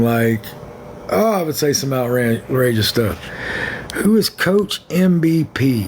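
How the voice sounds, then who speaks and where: A man's voice: a little high, animated, unhurried, a little mellow, slight background noise. Blunt, rambling man on a livestream. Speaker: livestream host. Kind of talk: casual livestream chat.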